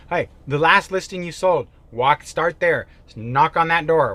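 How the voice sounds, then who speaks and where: A man's voice: on the high side, unhurried, hardly any pauses. Emphatic man coaching sales. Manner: emphatic, animated, swings between loud bursts and quiet asides. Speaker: real estate sales coach. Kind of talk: motivational coaching talk.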